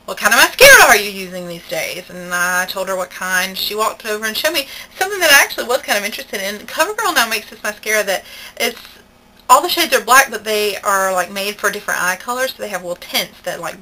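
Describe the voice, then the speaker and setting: Chatty young Southern woman, bright voice. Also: medium pitch, a little hiss or hum, rough recording. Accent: Southern American. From American South. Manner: chatty, indignant storytelling with many ums. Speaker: vlogger. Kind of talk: casual storytelling vlog.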